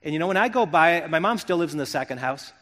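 Preaching with lively intonation at a quick pace, this middle-aged pastor from Wisconsin sounds earnest and thoughtful, frequently starting phrases over. His fairly bright voice sits slightly high for a man, trailed by the long reverb of what seems a large hall.

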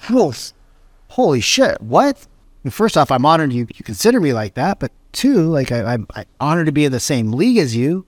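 Guy on a podcast telling a story and giving advice, animated, keeps repeating himself, regular pitch, dry sound. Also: fast, few pauses, dry recording. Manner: animated and emphatic, with repeated phrases. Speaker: podcast guest. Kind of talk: casual storytelling with motivational advice.

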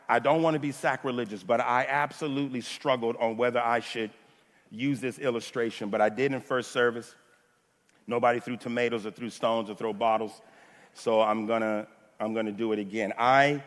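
A man preaches a sermon in a church, with a mid-pitched voice that builds to fervent repeated phrases and then drops into relaxed, chatty asides. The long reverb of the hall trails behind every line. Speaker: pastor. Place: church sanctuary.

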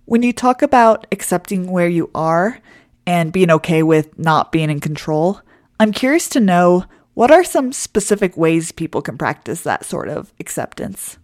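A woman host with a lowish voice that moves a lot asks a guest a curious, measured question. The sound is dry and close, with no room around it. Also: big pitch swings, darkish tone, dry recording. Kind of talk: interview question.

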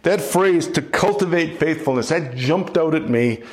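Middle-aged guy preaching real slow and thoughtful, repeats his words a lot. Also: on the high side. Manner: slow, measured, reflective, with frequent restarts. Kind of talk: sermon teaching.

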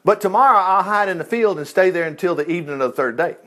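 A preacher reading desperate hunted young David. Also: male voice, high-pitched, expressive, fast, sharp tone. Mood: urgent pleading.

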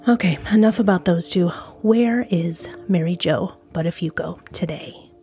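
Woman, true-crime podcast host, conversational, frank asides, fairly low voice. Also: normal speed, dark tone, soft background music. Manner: conversational, opinionated, occasionally crude.

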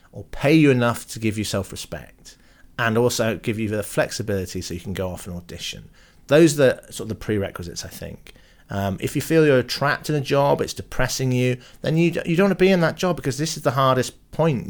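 A man, an actor and podcast guest, chatting casually and telling stories with self-deprecating jokes. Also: mid-range voice.

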